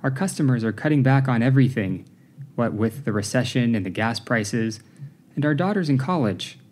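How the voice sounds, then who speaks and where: A man's voice: mid-range voice, lively intonation, normal speed, a little mellow, a little hiss or hum, lightly acted. Man voicing a stern shopkeeper mother. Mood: apologetic. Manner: firm and commanding. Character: stern immigrant shop-owning mother, late forties.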